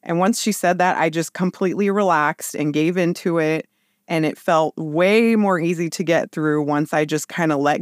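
A woman's voice: sits low, no echo. Bubbly woman retelling her story, dry sound. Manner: warm, animated retelling with lively quoted voices. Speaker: podcast guest. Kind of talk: casual storytelling.

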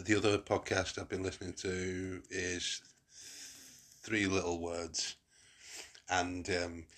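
A man hosts a relaxed podcast conversation in a very deep, husky voice. He rambles, circling back with fillers and false starts as he talks through his picks. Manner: rambling, many restarts and fillers. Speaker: podcast host. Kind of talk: casual chat.

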